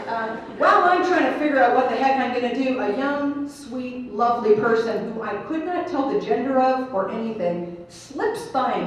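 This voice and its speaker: A woman's voice: fairly high pitch, far from the mic. A woman giving a keynote talk at a conference, telling a story with humor and acting out the people in it. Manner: animated, acts out the people in her story with humor. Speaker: keynote speaker. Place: large conference hall. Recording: echoey hall picked up from afar.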